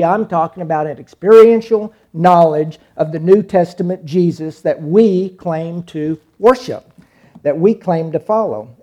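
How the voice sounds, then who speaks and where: Dark-voiced man preaching a dramatic sermon. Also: a little high. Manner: dramatic, acts out quoted figures with sudden loud cries and hushed lines.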